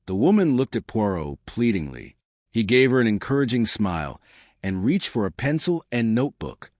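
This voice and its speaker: A man narrates a classic detective story with a low voice. His pitch rises and falls expressively. The read is dry and close. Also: big pitch swings, normal speed, a little mellow, no room sound. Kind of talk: audiobook narration.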